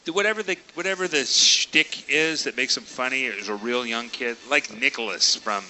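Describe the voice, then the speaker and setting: A man with a very bright, forceful voice makes an opinionated point on a podcast. Faint room noise sits behind him. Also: medium pitch, moderate pace, poor audio. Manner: emphatic, opinionated. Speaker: podcast co-host. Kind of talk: casual chat about old TV shows.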